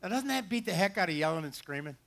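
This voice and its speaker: Guy running a retriever dog demo at a fair, jokey folksy commentary, highish voice, outdoors on a mic. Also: animated, fast, gravelly, a bit bright. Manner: joking, folksy. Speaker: dog trainer and show host. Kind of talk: live demonstration commentary. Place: outdoor fair pond with dock. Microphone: handheld or headset mic.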